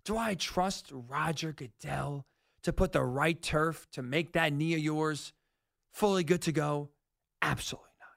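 A man's voice: on the high side, a little slow, gravelly, fairly bright tone, pitched below the performer's own voice. A man voicing a blunt, no-nonsense football coach who lectures a player in a paternal, dismissive way. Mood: stern lecturing. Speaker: commentator persona.

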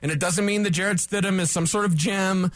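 A man hosting a solo sports talk radio show in a studio, fired up and loud, rambling with sarcastic asides. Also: high voice, fairly even intonation, a little fast, no echo.

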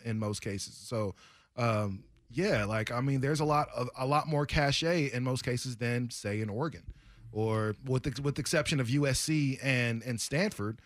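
A man co-hosting sports talk radio, giving opinions in an animated, rambling, casual way. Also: mid-range voice, no room sound, studio quality.

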